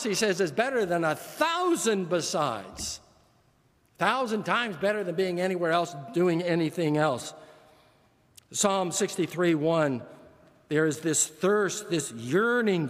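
An older man preaching a sermon as pastor, earnest and emphatic, building points through repetition. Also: high voice. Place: church sanctuary. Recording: long church reverb.

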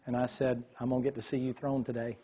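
A man telling a lively story in a sermon, acting out the voices of the people in it. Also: mid-range voice, fast talker, slightly rough. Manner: animated storyteller, quotes voices.

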